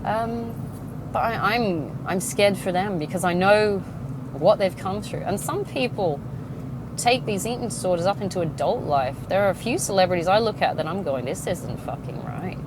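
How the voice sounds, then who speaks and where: A woman's voice: mid-range voice, expressive, normal speed. A woman in her thirties hosting a podcast, talking bluntly with a lot of swearing in a casual monologue from inside a car. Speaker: podcast host. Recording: car road noise.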